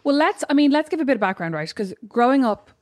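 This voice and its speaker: A woman with an Irish accent co-hosting a podcast, teasing her co-host with quick jabs and interjections. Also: high-pitched, big pitch swings, darkish tone, dry recording, studio quality. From Ireland. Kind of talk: casual chat.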